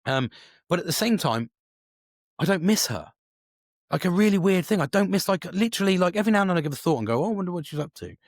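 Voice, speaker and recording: A man's voice: high voice, animated, fast, pauses often, no room sound, studio quality. A man, a podcast host talking alone in a casual, rambling way with lots of swearing and restarts. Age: 40s. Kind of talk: casual solo monologue.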